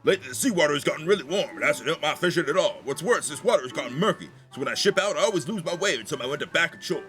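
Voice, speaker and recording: A man's voice: fairly high pitch, animated, racing, a bit bright, faint music behind. A man reading out the lines of a boastful, worried old fisherman in a game.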